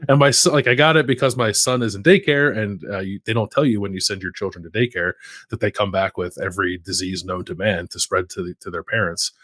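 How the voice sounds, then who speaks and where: A man in his thirties co-hosts a casual podcast while sick with a sore throat. His voice sits low and the sound is dry and close. He hesitates a lot and lets his phrases trail off quietly. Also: steady tone, a little fast, dry recording. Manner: hesitant, lots of likes and ums, trailing off quietly. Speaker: podcast co-host. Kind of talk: casual chat.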